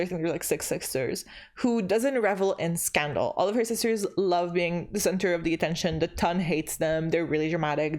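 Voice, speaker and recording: A young woman giving a casual, rambling book recap vlog, laughing often and swearing playfully as she retells the plot. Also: mid-range voice. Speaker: booktuber.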